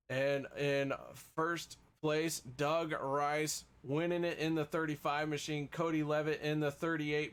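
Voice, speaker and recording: A man's voice: on the high side, a bit bright, clear, resonant tone. Upbeat man announcing race results. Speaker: race broadcaster. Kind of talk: post-race interviews and results.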